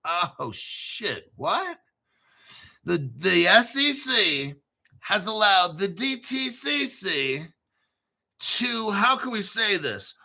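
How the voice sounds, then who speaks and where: A man hosting his own crypto show, talking in a hyped, profane rush and clearing his throat often. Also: high voice, very animated, slow pace, pushed and bright. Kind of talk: excitable solo commentary stream.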